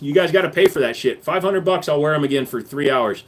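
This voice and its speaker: A man's voice: on the high side, expressive, quick pace. A man hosting a casual livestream Q&A, reading chat questions aloud and answering bluntly with loose fillers and profanity. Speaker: gun channel host.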